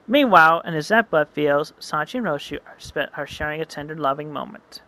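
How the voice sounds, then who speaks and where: Halting home narrator with sound effects. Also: mid-range voice, expressive, pushed and bright, dry recording. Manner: halting, self-correcting, adds sound effects. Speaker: reader of a homemade comic. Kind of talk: casual read-aloud narration.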